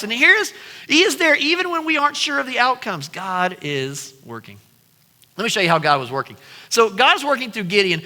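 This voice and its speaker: Animated man preaching in a reverberant hall. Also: sits high. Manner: animated storytelling, acting out Bible dialogue in a casual voice. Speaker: pastor. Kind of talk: sermon. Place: church sanctuary.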